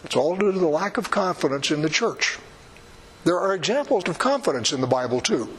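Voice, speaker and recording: Male preacher, fairly high voice, plain-spoken sermon with dry humor. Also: lively intonation, a little fast, husky, rough recording. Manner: conversational, emphatic, with wry asides.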